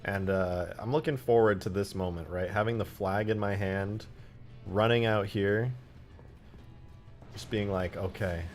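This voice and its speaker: A man's voice: fairly low pitch, steady tone, a little slow, long pauses, soft background music. A man live-streaming game modding, chatting casually and cursing as he answers viewers. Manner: loose and profane, answering chat questions. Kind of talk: casual livestream chat while modding.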